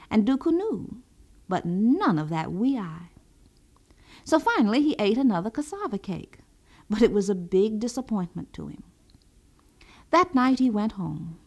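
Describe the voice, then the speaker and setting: A woman storyteller reading a folk tale aloud, with an expressive, animated delivery. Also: mid-range voice.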